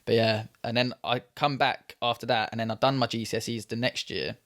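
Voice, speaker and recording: Fast-talking young English man from Luton. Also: medium pitch, steady tone, a bit bright. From England. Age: 20s. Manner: fast, loose storytelling with swearing and restarts. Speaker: podcast guest, Muay Thai fighter. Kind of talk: casual chat.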